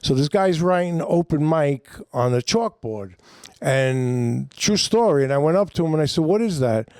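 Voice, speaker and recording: A man's voice: a little high, lively intonation, moderate pace, darkish tone, clear, resonant tone, dry recording, studio quality. An older man, a comedian telling long stories on a podcast in a loose, rambling, profane way. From New York. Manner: rambling, profane, acts out quoted voices. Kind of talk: casual storytelling chat.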